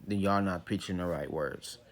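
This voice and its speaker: Lowish-voiced man preaching casually from scripture. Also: normal speed. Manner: loose and conversational, reading verses then explaining them in slang; often repeats "you know what I'm saying". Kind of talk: informal scripture teaching.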